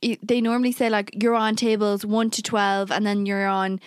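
A young woman co-hosting a podcast, telling stories in lively casual chat and swearing freely. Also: medium pitch, moderate pace, clean tone, no room sound, clean studio sound. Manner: animated storytelling, swears freely. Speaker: podcast co-host.

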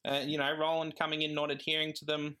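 A man's voice: on the high side, monotone, quick pace, bright, forceful tone. A man co-hosting a podcast in casual chat, laughing often. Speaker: podcast co-host.

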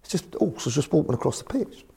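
A man's voice: a little high, fast, gravelly, husky. A man, a former football manager, telling anecdotes in an interview, acting out the voices of the people in them. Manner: animated storyteller acting out voices.

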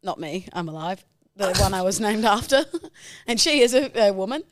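Teasing woman, lively voice. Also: medium pitch, normal speed, no echo. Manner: playful, teasing. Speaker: podcast co-host. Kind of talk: casual banter.

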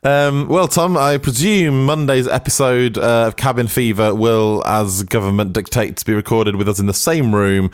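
A man's voice: mid-range voice, steady tone, moderate pace, hardly any pauses, clean tone, dry recording, studio quality. A man co-hosting a podcast in casual, rambling, jokey chat. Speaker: podcast co-host.

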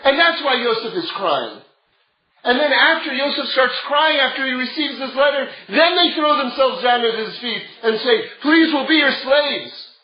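A man's voice: extremely high pitch, expressive, normal speed. A man teaching a Torah class in a conversational way, building up to emphatic passages. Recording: roomy, dull lo-fi sound.

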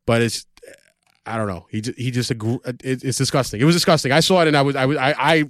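In a clean, dry studio recording, a man hosts a podcast, rambling casually with lots of fillers, restarts, and playful impressions. His mid-range voice stays fairly even in intonation and moves at a quick pace.

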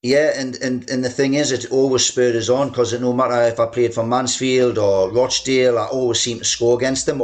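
Fields: Sex: man. Role: ex-footballer guest. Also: mid-range voice. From England. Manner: chatty, lots of "you know" and "like"; mimics a shouting chairman in quoted lines. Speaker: former footballer, podcast guest. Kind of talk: casual storytelling interview.

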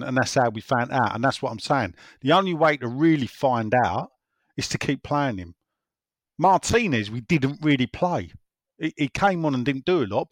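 This football podcast host has a mid-range voice and is recorded with no echo. Reading out listener messages in a casual fan chat, he rambles and says things more than once.

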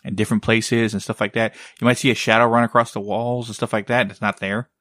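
Low-voiced man rambling in casual chat. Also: flat delivery, quick pace, a bit bright, no echo, clean studio sound. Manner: rambling, heavy use of "like" and "right?"; swears casually.

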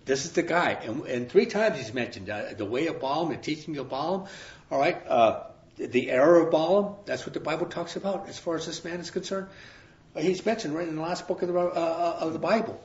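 A man's voice: fairly high pitch, a little fast. Man preaching a sermon, chatty storytelling, echoey room, muffled lo-fi sound. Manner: casual storytelling with slang asides. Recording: roomy, dull sound.

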